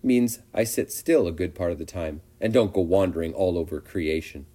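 Dude reading as a wise old-soul spider lady, calm and measured, mellow and low. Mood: musing. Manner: measured, gently lecturing. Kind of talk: storybook reading.

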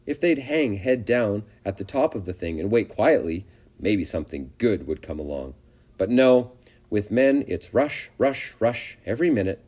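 A wise, calm female spider explains things in a measured, gently lecturing manner, as a man reading a storybook voices her. The tone is low and mellow. Her phrasing rises and falls with storytelling life.

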